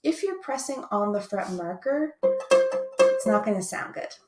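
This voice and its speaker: A woman's voice: sits high, wildly swooping pitch, measured pace, roomy sound. A young woman teaching an online music lesson in an upbeat, chatty way. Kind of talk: recorded video lesson.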